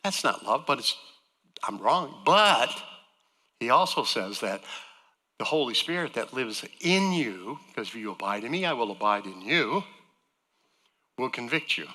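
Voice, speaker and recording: A man preaching a sermon as a guest speaker, earnest and swinging between loud emphasis and near-hushed lines. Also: medium pitch, sing-song, a little slow, pauses often, big-room sound. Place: church sanctuary.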